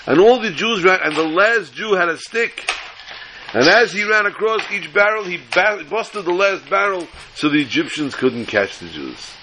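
A man voicing a flustered young boy who stammers and rushes through an excuse. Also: medium pitch, fairly bright tone, slight background noise, close to an everyday voice, rough recording. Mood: excited. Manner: stammering, breathless storytelling.

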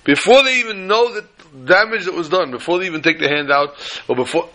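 A man teaching a Torah lesson as a rabbi, telling stories and acting out quotes in an animated way. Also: a little high, fast. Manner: animated, acts out quotes, rising to loud exclamations.

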